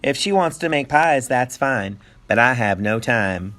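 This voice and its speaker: A man's voice: mid-range voice, expressive, a little slow, a bit bright. A man reading as a no-nonsense frontier mom. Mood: matter-of-fact. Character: busy frontier mother, practical and firm.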